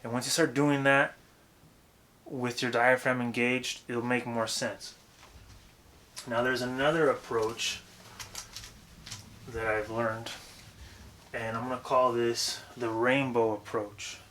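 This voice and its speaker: Young guy with a bright forceful voice, swearing and rambling through a vocal lesson. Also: medium pitch, little pitch movement, slow, long pauses, slight background noise. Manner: profane, loose and rambling, demonstrates loudly. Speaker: vocal coach. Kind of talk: casual vocal technique lesson.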